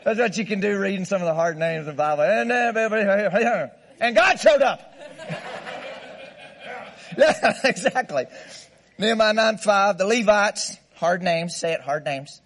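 High-voiced, playful preaching man. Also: animated, a little slow, fairly bright tone. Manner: playful, emphatic preaching with call-and-response and mock laughter. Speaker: guest pastor. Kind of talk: sermon.

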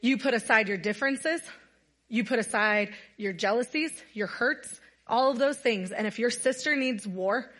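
Speaking at a women's night, she tells a Bible story conversationally, giving a casual yet earnest sermon to the assembled crowd. Her voice is a little high and a bit bright, her pace moderate.

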